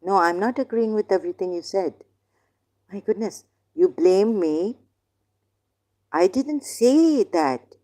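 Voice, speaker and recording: A woman's voice: medium pitch, animated, takes it slowly, long pauses, mellow. A woman hosting a live stream, arguing heatedly with a caller and insisting again and again that her words are being twisted. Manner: insistent, repeats herself, cuts in to object. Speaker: livestream host.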